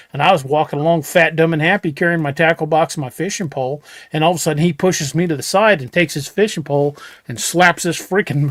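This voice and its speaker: A man's voice: on the high side, no echo. Folksy man with dry close sound. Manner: folksy storyteller, stammers on restarts. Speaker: podcast co-host. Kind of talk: casual chat.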